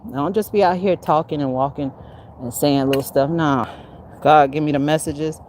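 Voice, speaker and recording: A woman hosting her own livestream, talking casually and preachily about spiritual warfare, laughing often and swinging from loud bursts down to low mutters. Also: fairly even intonation, moderate pace, slight background noise. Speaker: livestream host.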